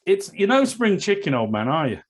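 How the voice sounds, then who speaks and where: A man's voice: high-pitched, sing-song, brisk. A man co-hosting a podcast, asking questions and teasing his older co-host in casual chat. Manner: teasing, asks questions, chuckles.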